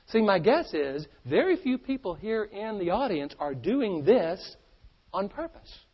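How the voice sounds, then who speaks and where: Male seminar speaker, energetic and playful, works the crowd; animated pitch, lo-fi recording. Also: measured pace, breathy edge. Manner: energetic, playful, engages audience. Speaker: stress management speaker. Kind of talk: live seminar talk to an audience. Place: seminar room with live audience.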